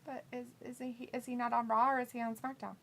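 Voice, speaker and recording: A woman hosts a casual live stream, reading out chat messages and teasing the viewers with frequent giggles. Her voice is bright and forward, pitched a little high. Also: flat delivery, quick pace, creaky. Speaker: watch-along host reading chat.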